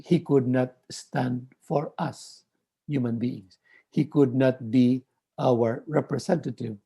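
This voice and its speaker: Guy lecturing, really dark mellow voice, bit husky, lots of restarts. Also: mid-range voice. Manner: measured, repeats words and restarts often. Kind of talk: recorded theology lecture.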